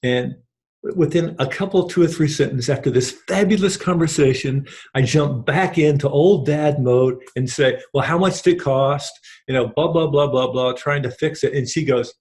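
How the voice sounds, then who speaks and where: A man's voice: fairly high pitch, fairly quick, a little mellow. A middle-aged man gives an earnest, rambling personal testimonial, acting out quoted conversations along the way. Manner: earnest and rambling, with many restarts and acted-out quotes. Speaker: program participant giving a testimonial.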